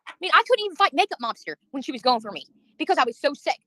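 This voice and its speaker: A woman's voice: high-pitched, big pitch swings, rapid-fire, a bit bright, rough recording. A woman livestreaming, venting in a heated, profane rant while answering her chat.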